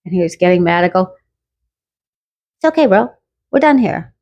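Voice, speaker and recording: A middle-aged woman with a fairly low voice tells a personal story in a casual way. She is animated and acts out the lines of dialogue as she goes. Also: normal speed, lo-fi sound. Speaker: guest telling a personal story.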